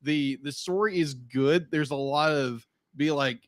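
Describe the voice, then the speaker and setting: A man's voice: on the high side, measured pace, no echo. A man co-hosting a podcast in casual chat, laughing easily and restarting sentences as he goes. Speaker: podcast co-host.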